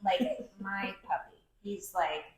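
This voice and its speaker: A woman's voice: medium pitch, steady tone, slow, crowd noise. A woman co-hosting a podcast, chiming in with short, easygoing remarks. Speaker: podcast co-host. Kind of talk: casual chat. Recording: very echoey room.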